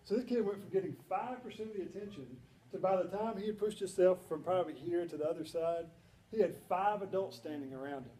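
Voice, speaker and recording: A man's voice: high voice, quick pace, a little hiss or hum. A man giving a humorous, storytelling talk at a banquet. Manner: humorous storytelling, animated quoted voices. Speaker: speaker at a banquet. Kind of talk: conversational presentation. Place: banquet hall. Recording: echoey hall with faint ambience.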